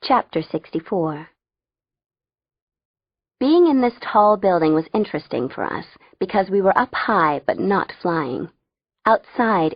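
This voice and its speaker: A woman's voice: on the low side, no echo, highs cut off. A woman narrating a first-person audiobook in a wry, conversational way.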